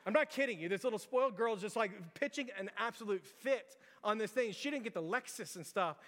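A pastor preaching a sermon in a church, talking informally with lots of fillers and pressing questions to the congregation. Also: male voice, high voice, a little fast, a bit bright. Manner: informal, filler-heavy storytelling with direct challenges. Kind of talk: conversational sermon. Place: church sanctuary. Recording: reverberant church hall.

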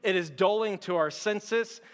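A young man preaching a sermon as pastor, conversational and joking with quick asides. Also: sits high, long reverb tail. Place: church sanctuary.

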